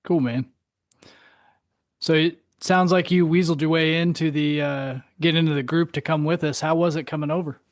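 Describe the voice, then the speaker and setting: Relaxed male podcast host, slightly high. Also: moderate pace, no echo, clean studio sound. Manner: relaxed, profane, friendly asides. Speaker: podcast host, fellow veteran. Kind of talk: casual interview chat.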